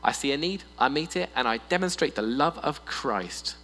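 A man preaching a sermon in a church hall, animated and playful, often putting on voices for humor. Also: medium pitch, moderate pace. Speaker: pastor. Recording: long reverb in a hall with mains hum.

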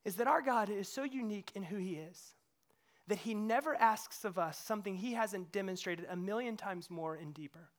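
A man preaching a sermon in a church, swinging from impassioned outbursts to hushed, quiet moments. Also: high-pitched, moderate pace. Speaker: pastor. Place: church sanctuary.

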